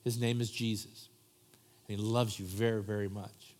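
Pastor preaching, swinging loud to hushed. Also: male voice, fairly low pitch, level tone, moderate pace, slight background noise. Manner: conversational, swings from loud asides to soft hushed prayer. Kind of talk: sermon. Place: church sanctuary.

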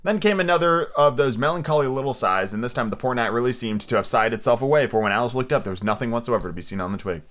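A man's voice: mid-range voice, quick pace, few pauses, a bit bright. Male podcaster reading aloud casually, chatty and self-correcting. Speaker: podcast host and audiobook reader. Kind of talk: casual read-aloud with asides.

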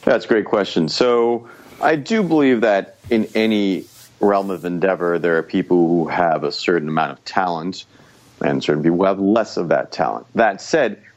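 Deep-voiced man coaching on speaking. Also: moderate pace. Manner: animated, coaching, uses quoted inner voices. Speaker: guest expert on public speaking. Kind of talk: podcast interview answer.

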